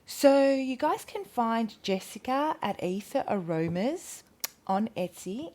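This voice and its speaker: Breathless and excited, this Australian woman reads tarot for a laid-back vlog, talking freely and interrupting herself partway through sentences. She has a medium-pitched voice with a darkish tone.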